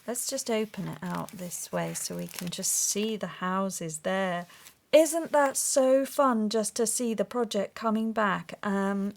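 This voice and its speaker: Lady opening craft swaps, super excitable, lots of oohs and gasps. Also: medium pitch, creaky. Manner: gushing, excitable, with gasps and exclamations. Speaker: craft video host. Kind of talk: casual unboxing chat.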